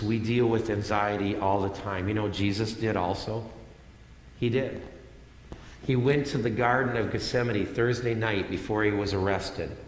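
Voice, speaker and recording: In a church sanctuary, a male pastor with a lowish voice preaches a conversational sermon, repeating phrases for emphasis. The echoey hall gives a long reverb, and there's a little hiss or hum.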